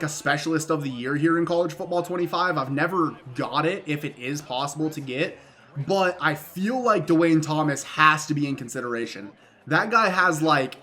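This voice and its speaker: A young man giving excitable play-by-play commentary on his own football video game, swearing and venting when plays go wrong. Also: on the high side. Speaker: gaming YouTuber. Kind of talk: live gameplay commentary.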